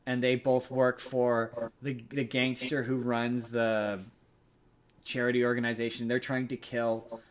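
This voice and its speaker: In a flat, measured delivery, a young man with a medium-pitched voice recaps a film's plot on his podcast. He rambles casually, restarting often and leaning on fillers.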